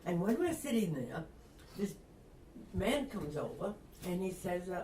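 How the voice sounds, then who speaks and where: Telling a story as an interview guest, this older Long Island author acts out the quoted lines and laughs a lot, in her regional accent. Her voice sits on the low side, sing-song, a little slow and dark in tone; the audio is echoey and distant, with faint background noise.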